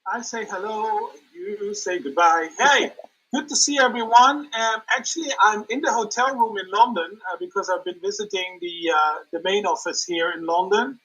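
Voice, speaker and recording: A man speaking as a guest from a hotel room over a video call, relaxed and joking with many fillers. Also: high voice, moderate pace, slightly rough, low-quality recording. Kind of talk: casual chat.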